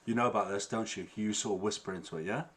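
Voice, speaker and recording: Chatty harmonica teacher, a man with a lowish voice. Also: fast talker. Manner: chatty, checks in with frequent "yeah?". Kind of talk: online music workshop. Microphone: online stream with latency. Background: guitar playing.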